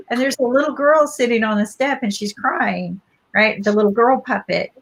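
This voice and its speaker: A woman's voice: fairly high pitch, normal speed, vocal fry, breathy edge, rough recording. Middle-aged woman co-hosting a podcast. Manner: reflective storyteller, often checks in with "right?". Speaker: podcast co-host. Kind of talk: casual podcast talk.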